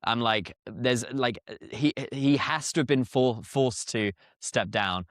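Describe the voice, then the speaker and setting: A young English man, a podcast guest, chatting casually with laughing asides and quick restarts. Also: medium pitch, fairly bright tone, dry recording, studio quality. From England. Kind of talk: casual interview chat.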